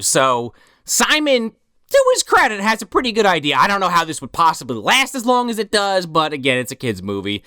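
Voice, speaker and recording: A woman's voice: low voice, sing-song, moderate pace, pushed and bright, clear, resonant tone, dry recording, clean studio sound. A woman co-hosting a podcast, recounting a film in casual, wry, profane chat. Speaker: podcast co-host.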